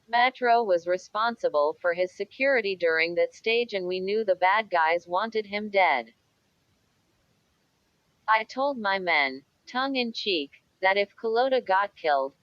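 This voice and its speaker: A woman narrating a true-crime book in a measured, even reading. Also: mid-range voice, dry recording, highs cut off. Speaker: audiobook narrator.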